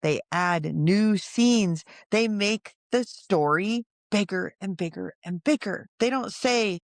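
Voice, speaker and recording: A woman hosting her own podcast, telling stories in an animated way and acting out the voices of the people in them. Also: mid-range voice, slow, no echo, clean studio sound. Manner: animated, acts out quoted voices. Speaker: podcast host. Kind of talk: solo podcast storytelling.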